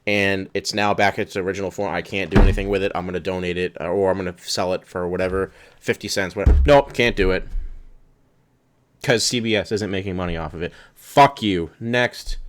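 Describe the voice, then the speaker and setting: In a vlog, a man with a lowish, slightly bright voice reads rules aloud while ranting. He sounds angry, exasperated, and sarcastic, and he swears throughout.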